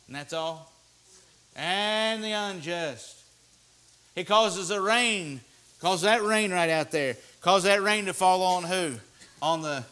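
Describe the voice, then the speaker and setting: A man delivers a sermon in a church with a bright, forceful tone. His voice sits a little high, and he repeats key words and puts questions to his listeners. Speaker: preacher.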